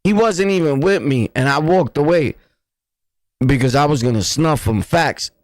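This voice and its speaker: A man's voice: a little high, moderate pace, no room sound. A man with a New York accent hosting a casual livestream, talking bluntly in repetitive street slang. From New York City. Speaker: livestream host.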